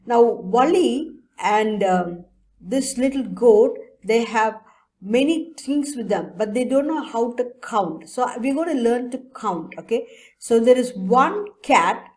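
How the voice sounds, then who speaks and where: A woman teaching young children English, drilling sounds and words slowly and often checking with tag questions. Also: fairly high pitch, lively intonation, darkish tone.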